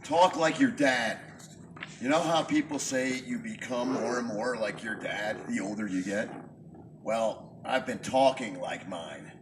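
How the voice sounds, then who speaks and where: A man from New York reading his own poems at a live show, in a dry, wry storytelling manner with punchy pauses. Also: mid-range voice, background noise. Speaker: performance poet. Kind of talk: live spoken-word poetry reading. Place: live venue before an audience. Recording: distant mic, faint room ambience.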